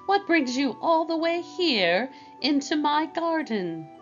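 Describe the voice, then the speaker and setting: A woman's voice: high-pitched, very animated, slow, dull audio, soft background music, voice pushed up, exaggerated voice. A woman voicing a gracious, chatty queen bee who talks like a fellow mother.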